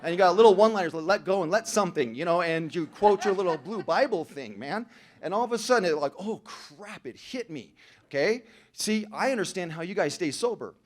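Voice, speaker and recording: A man telling a joke-filled story to a recovery meeting audience in a large hall, full of slang like "bro" and "man", dropping to a hush and then rising to loud shouting. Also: high-pitched, expressive, fairly quick. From Southern California. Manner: slangy, joking, calls the crowd "bro" and "man". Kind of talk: storytelling talk to a live audience.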